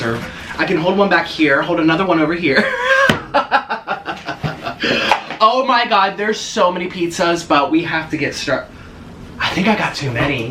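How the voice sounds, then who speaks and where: A man in his twenties talks in a casual mukbang vlog from an apartment on a busy street. His voice sits high and swoops around a lot, and he gushes with gasps and squeals. Faint street noise hums behind him. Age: 20s. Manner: excitable, gushing, many gasps and squeals. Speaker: vlogger. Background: faint street ambience.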